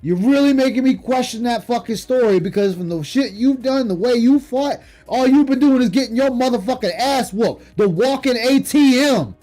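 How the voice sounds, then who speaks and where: A man streaming late at night, ranting with heavy profanity and scorn, breaking into shouts. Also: very high-pitched, moderate pace, few pauses, faint music behind. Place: home streaming setup.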